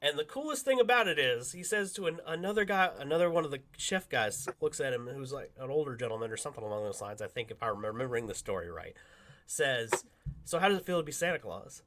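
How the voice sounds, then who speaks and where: Bright animated man telling a story. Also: medium pitch, fast talker, slight background noise. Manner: animated, acts out quotes with loud bursts and laughs. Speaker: podcast co-host. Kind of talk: casual storytelling chat.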